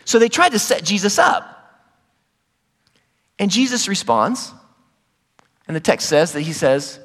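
Animated middle-aged pastor, high, lively voice, long hall reverb. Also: male voice, measured pace, pauses often. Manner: animated storyteller, jumps to loud high squeals when acting scenes. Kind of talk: sermon.

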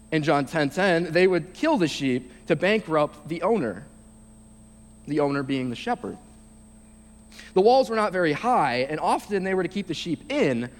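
A young man giving a short sermon, reading scripture slowly and then explaining it in a halting, casual way. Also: fairly high pitch. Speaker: youth speaker. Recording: long reverb of a large hall.

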